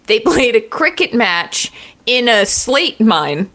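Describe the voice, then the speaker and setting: A woman co-hosting a casual podcast, excitable and rambling, often breaking into laughter. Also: fairly high pitch, slow. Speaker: podcast co-host. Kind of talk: casual chat.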